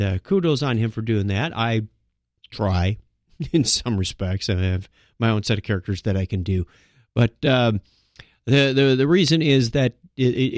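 A man's voice: medium pitch, no room sound, clean studio sound. A man hosting a solo podcast, talking casually and rambling, with frequent restarts. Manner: rambling, with many restarts and filler words. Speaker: podcast host.

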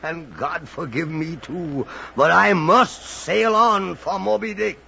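A gravelly, obsessed old sea captain. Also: male voice, a little high, takes it slowly, pushed and bright, a little hiss or hum, full character voice. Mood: grim. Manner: grandiose, archaic speech. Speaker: whaling captain. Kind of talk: radio drama acting. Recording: dull lo-fi radio recording.

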